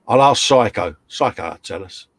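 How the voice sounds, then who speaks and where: This man speaks in a lowish, slightly bright voice, lively but a little slow. He's hosting a laid-back live stream, chatting away, reading viewers' messages aloud, and laughing often as he greets them.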